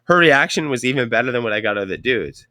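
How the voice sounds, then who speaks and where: A man in casual podcast chat, talking in a profane, animated way about work and being yelled at. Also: medium pitch, fast talker, dry recording, studio quality.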